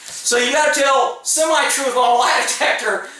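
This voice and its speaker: High, bright-voiced man in an echoey room. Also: moderate pace, distant mic. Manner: blunt, joking, acts out quoted exchanges with laughs. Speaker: former police officer. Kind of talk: casual storytelling monologue.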